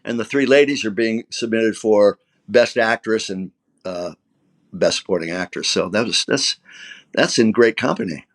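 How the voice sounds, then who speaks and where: In a conversational interview, an older actor with a voice on the low side talks at normal speed, recounting emotional stories and performing the quoted lines within them.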